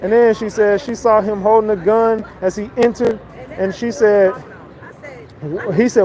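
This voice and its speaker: A man outdoors on a city street, excitedly recapping courtroom testimony, swearing and repeating himself. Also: high voice, measured pace, a faint crowd, poor audio. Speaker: street reporter. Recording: faint street noise.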